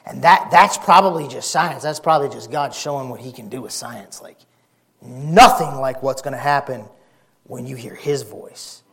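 A man preaching a folksy, excitable sermon, shouting and whispering for effect. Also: mid-range voice, moderate pace, vocal fry.

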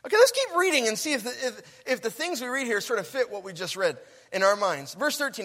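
A male preacher delivers an earnest, animated sermon, stopping to read scripture aloud. His voice sits unusually high and swings widely in pitch. The sound carries the long reverb of a large hall. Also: a little fast.

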